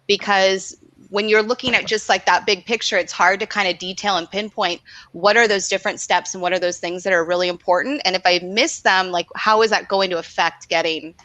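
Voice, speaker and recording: Bright-voiced woman chatting on a call. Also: mid-range voice, brisk, no echo, poor audio. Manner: lively, chatty. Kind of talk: casual video-call chat.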